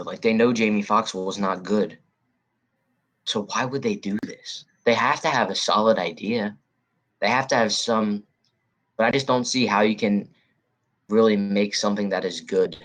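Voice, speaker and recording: Male podcast co-host, fairly low voice, heated casual rant, blunt. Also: rough recording. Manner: heated, blunt, repeats himself while ranting. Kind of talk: casual ranting podcast chat.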